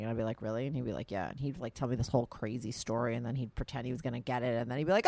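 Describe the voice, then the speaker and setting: A woman's voice: a bass voice, lively intonation, very fast, hardly any pauses, warm tone, dry recording. Candid, rambling woman podcast host. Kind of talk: casual chat.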